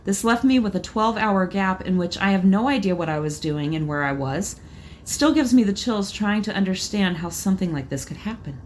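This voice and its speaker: A woman co-hosting a podcast, reading listener stories aloud in a casual, expressive way. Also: mid-range voice, brisk, a little hiss or hum. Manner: laughs often, expressive. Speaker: podcast co-host.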